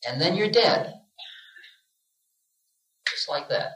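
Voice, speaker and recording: A man's voice: on the high side, sing-song, slow pace, pauses often, sharp tone. Guy giving a spiritual talk, storytelling, does little voices for laughs, roomy echo. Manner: storytelling, acts out quoted voices with humor. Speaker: spiritual teacher. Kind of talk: spiritual lecture.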